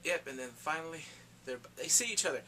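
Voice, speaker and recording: A man giving a casual, excitable recap of a TV episode, talking in slang and acting out characters in quick asides. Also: fairly high pitch, slight background noise. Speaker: TV recap vlogger.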